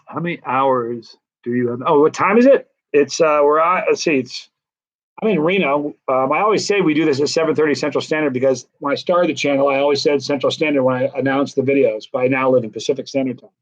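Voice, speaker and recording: A man's voice: medium pitch, quick pace, muffled recording. A man from the East Coast hosting a casual live-stream Q&A, chatting loosely and reading out viewer comments. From United States, East Coast. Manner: relaxed, rambling, reads out viewer comments. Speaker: host of a hot pepper channel.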